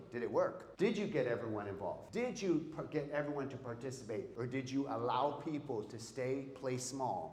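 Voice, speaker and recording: A middle-aged man, a motivational speaker giving a live seminar talk, emphatic and throwing questions at his audience. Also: medium pitch. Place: event hall with an audience. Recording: echoey hall with long reverb.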